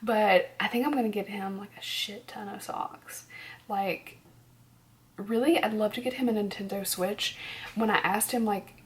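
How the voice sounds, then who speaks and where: Woman vlogger, tired, rambling home chat, slips into soft near-whispers, average pitch. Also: unhurried. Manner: rambling, laughs often, drops to near-whispers. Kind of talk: casual chat to camera.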